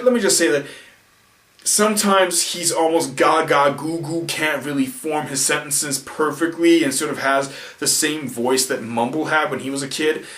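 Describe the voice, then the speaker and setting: A man's voice: mid-range voice, a bit bright. A man giving a casual, rambling film review late at night, tired, often restarting his sentences. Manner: rambling, self-correcting, frequent restarts and fillers. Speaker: video reviewer. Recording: roomy echo, mic at a distance.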